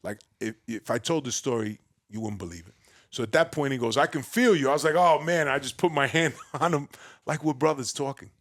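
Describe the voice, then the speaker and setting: A man from the Bronx with a New York accent, a podcast guest telling his story in a big, loud, boisterous way. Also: brisk, no room sound, studio quality. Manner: acts out quoted voices with a raised pitch. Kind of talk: casual storytelling conversation.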